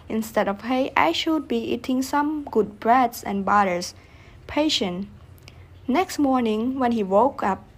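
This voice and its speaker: Woman reading a kids storybook, gentle, talks to the kids, a bit high voice. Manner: gentle, addresses listeners directly. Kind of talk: storybook narration for children.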